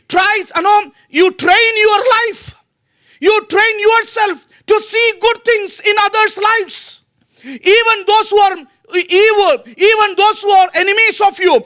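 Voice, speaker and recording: A man's voice: very high voice, pushed and bright. A male pastor preaching a sermon earnestly, with frequent fillers and restarts.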